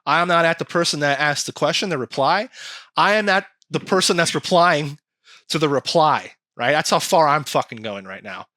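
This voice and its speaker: A man chatting casually on a podcast, animated and swearing often as he acts out quoted comments. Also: on the high side, moderate pace, dry recording, clean studio sound. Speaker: podcast co-host.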